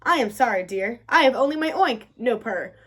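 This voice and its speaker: A woman's voice: fairly high pitch, lively intonation, normal speed, husky. A woman voicing a kindly, apologetic mother pig in a storybook reading. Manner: warm, apologetic.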